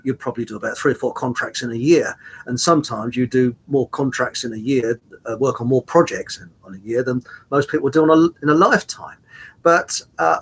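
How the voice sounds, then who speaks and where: An older man, telling rambling workplace anecdotes in casual chat, halting with fillers and chuckling as he goes. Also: medium pitch, vocal fry, fairly bright tone, slightly rough. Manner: chuckles through his stories.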